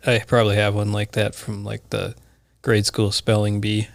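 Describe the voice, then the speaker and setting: A man co-hosting a casual podcast who pokes fun at himself in a wry, low-key way. His voice sits fairly low, and the sound is close and dry. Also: completely flat delivery, moderate pace, gravelly, no echo. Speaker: podcast co-host.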